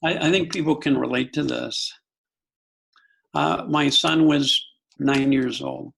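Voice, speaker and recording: An older man from the United States, a psychologist and podcast guest, telling a personal story in a calm, earnest way with frequent self-corrections. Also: a little high, slow, vocal fry, slight background noise, rough recording. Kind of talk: reflective storytelling in an interview.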